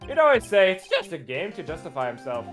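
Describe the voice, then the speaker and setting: A woman's voice: deep voice, big pitch swings, quick pace, soft background music. A woman voicing a hairy, gossip-loving male TV actor, chatty and exclamatory, on a game stream. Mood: confiding.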